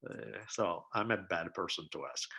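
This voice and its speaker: Gravelly-voiced man with a heavy accent. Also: low-pitched, moderate pace, pushed and bright. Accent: Italian. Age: 40s. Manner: laid-back, profane storytelling with acted-out quotes. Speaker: podcast guest. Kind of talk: casual chat.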